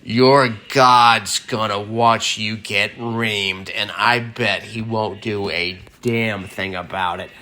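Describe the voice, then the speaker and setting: A hulking male grizzly bear speaks in a drawn-out, gruff growl, as a man reading puts him on. Each word is stretched and heavy with threat. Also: steady tone, bright, forceful tone. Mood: menacing. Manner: slow, low, growling delivery.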